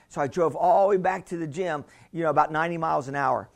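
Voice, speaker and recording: Pastor, male, chatty sermon delivery with audience call-outs; extremely high voice. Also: quick pace, fairly bright tone. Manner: chatty, laughing, calls and responses.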